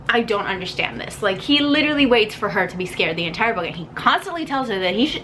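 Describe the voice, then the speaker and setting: A young woman ranting about a book, her voice bright and sharp-edged. She swears freely in her exasperation and breaks off to read passages aloud. A faint hiss sits under the recording. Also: on the high side, big pitch swings, fast, hardly any pauses. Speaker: book reviewer. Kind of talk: ranting book review vlog.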